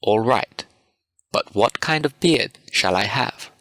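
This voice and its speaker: A man's voice: lowish voice, expressive, takes it slowly, a bit bright, no echo, exaggerated voice. A man reading the part of a boastful, eager weaver who wants every role in the play, in a pompous, show-off manner, in a storybook reading. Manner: pompous, showing off.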